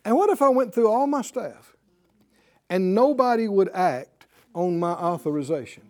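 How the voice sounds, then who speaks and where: A high-voiced man preaches a sermon at a moderate pace, animatedly telling stories and acting out the dialogue. He trades call-and-response with the congregation.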